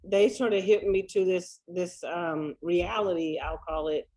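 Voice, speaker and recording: A woman's voice: fairly low pitch, steady tone, measured pace, mellow, rough recording. A woman hosting a public panel conversation, affirming her guests and calling them "sis" and "sweetheart.". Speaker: host and moderator.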